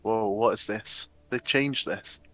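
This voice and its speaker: A man's voice: on the low side, slow, sharp tone. A man chatting casually with a teammate while driving in a racing game. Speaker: sim racing driver. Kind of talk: casual chat while gaming.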